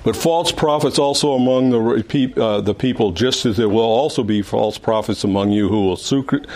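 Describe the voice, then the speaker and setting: Emphatic man teaching Bible class. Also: on the low side. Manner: emphatic, repeats words and restarts often. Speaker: adult Sunday school teacher.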